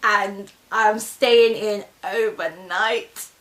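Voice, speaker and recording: A young woman telling a storytime vlog, animated and acting out the voices of everyone in the story. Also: mid-range voice, unhurried, rough recording. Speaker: vlogger.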